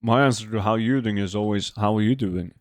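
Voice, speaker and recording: A man's voice: fairly low pitch, fairly quick, no echo, clean studio sound. A man streaming a game, chatting and joking casually with his viewers and reading their messages aloud. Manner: rambling, joking, reads chat aloud. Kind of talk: casual livestream chat with viewers. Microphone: desk microphone.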